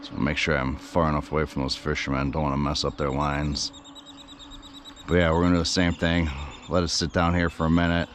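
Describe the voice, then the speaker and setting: Excited low-voiced man by a river. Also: a little fast, slight background noise. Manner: excited, breathless exclamations and repeated "you guys". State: shaky with excitement. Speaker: vlogger running a radio-controlled boat. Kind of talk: excited outdoor vlog commentary. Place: outdoors by a river.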